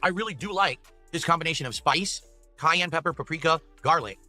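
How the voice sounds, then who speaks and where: A man reviewing fast food in a measured, descriptive, matter-of-fact way. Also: on the high side, bright, forceful tone, faint music behind.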